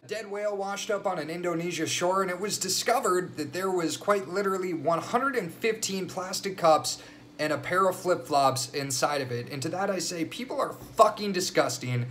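A man's voice: high voice, normal speed, fairly bright tone. A young man vlogging casual news commentary, crude and sarcastic, swearing freely.

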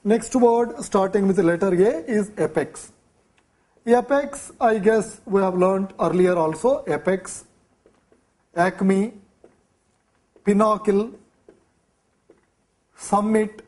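A man with a fairly high voice delivers a vocabulary lecture. He speaks slowly and deliberately, walking through example sentences and listing synonyms one at a time. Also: darkish tone.

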